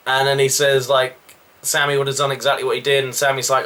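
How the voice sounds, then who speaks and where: A man recapping a wrestling show in a casual, rambling review with quick asides. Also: medium pitch, sharp tone.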